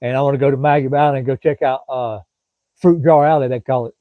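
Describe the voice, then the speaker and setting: This livestream host, a middle-aged Florida man with a Southern drawl, speaks fast in a mid-range, steady voice. His casual, folksy chat wanders as he replies to viewers by name, captured in a dry, thin recording that sounds like a phone.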